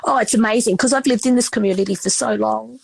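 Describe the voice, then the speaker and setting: Aussie woman guest, middle-aged, husky gravelly voice, rambly storytelling. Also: a little high, quick pace, dry recording, low-quality recording. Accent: Australian. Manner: chatty, full of restarts and quoted dialogue. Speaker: restaurateur and podcast guest. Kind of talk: casual interview storytelling.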